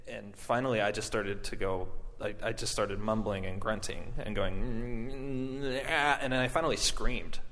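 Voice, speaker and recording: A man telling an audience his own story, halting often, with many fillers and restarts, and laughing at himself. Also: fairly low pitch, fairly bright tone. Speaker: performer and stroke survivor. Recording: long hall reverb.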